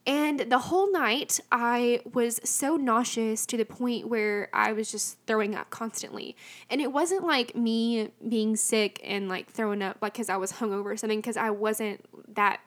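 A young woman with a fairly high voice talks through her own story in a loose, conversational way. She is open and candid, often pausing on "um" and "like" and restarting her sentences. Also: a bit bright. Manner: chatty and candid, many fillers and restarts. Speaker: speaker sharing a personal faith testimony. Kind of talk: casual personal storytelling.

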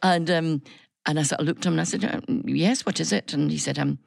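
A middle-aged Scottish woman, chief executive of a business chamber, is a guest on a casual radio chat, speaking fast in a low voice with a gravelly edge. She's an animated, chatty storyteller who often restarts her sentences. The studio sound is dry and close, with no echo.

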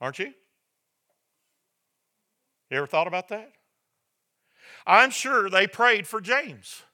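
Bright-voiced preaching pastor, man. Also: sits high, very animated, takes it slowly. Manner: preaching with call-and-response "Amen?" and shouted climaxes. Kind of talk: sermon.

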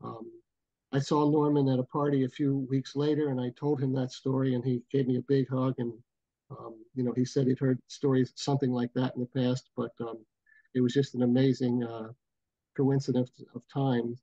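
A mellow, warm-voiced older man telling a story at an unhurried, reflective pace. The video call audio is dull and lo-fi, and the sound is dry and close. He pauses often as he recalls the details. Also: medium pitch, little pitch movement, dry recording. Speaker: guest, booking agent. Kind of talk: storytelling interview. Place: home, bridge view behind.

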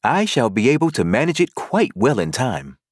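A man's voice: medium pitch, sing-song, normal speed, dry recording, clean studio sound, pitched above the performer's own voice. A man voicing a prim young girl who likes to scold herself, in a storybook reading. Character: prim young girl playing at being a queen. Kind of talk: audiobook character voice.

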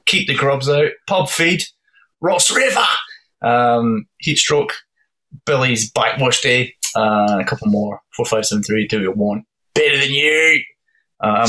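A man co-hosting a music podcast, talking casually with many ums and pauses. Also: lowish voice, a bit bright, poor audio. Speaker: podcast co-host.

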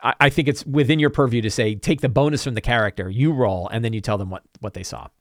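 A man hosting a talk show, chatting casually and answering viewer questions in a rambling, animated way. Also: mid-range voice, fast talker, no room sound, clean studio sound. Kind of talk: casual chat.

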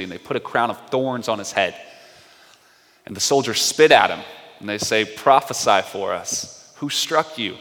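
Bright-voiced male pastor in a hall. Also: lowish voice. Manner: animated storytelling, acting out quotes. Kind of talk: sermon retelling a story.

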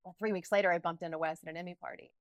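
A middle-aged woman speaking candidly as an interview guest, animated and emotional, with frequent restarts and laughter. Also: fairly low pitch, racing, no echo. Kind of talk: candid personal interview talk.

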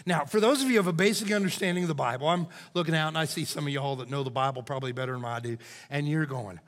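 A male pastor delivering a sermon, swinging between loud shouts and hushed asides. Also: fairly high pitch, rapid-fire, big-room sound. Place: church sanctuary.

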